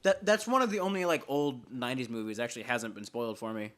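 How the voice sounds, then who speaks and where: A man co-hosting a casual podcast chat, asking lots of quick questions. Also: mid-range voice, fairly bright tone. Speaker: podcast co-host.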